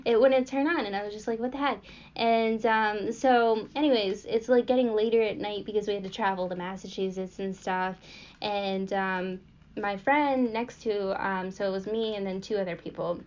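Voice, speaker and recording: A woman's voice: mid-range voice, steady tone, moderate pace, darkish tone. A young woman hosting a podcast, telling a story casually with lots of fillers and little laughs. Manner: rambling with frequent fillers and giggles. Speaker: podcast host. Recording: dull lo-fi recording.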